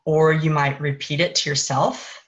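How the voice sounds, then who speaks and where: Low voiced woman coach on a webcam live, earnest and encouraging. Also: steady tone, lo-fi sound. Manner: earnest, encouraging, slow and soothing in affirmations. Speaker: parenting coach. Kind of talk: live-stream talk and guided affirmation. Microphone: webcam or phone for a live stream.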